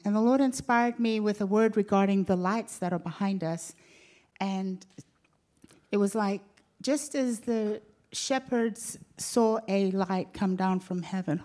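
A woman, telling a lively personal story to a church congregation and acting out the voices of the people in it. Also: medium pitch. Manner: animated, acts out quoted voices. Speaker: pastor's wife telling a story.

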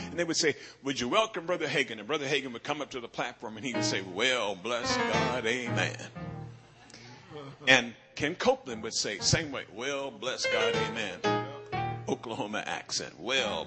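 Older man preaching a story sermon. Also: mid-range voice. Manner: animated storyteller, mimics preachers' drawl. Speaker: bishop preacher.

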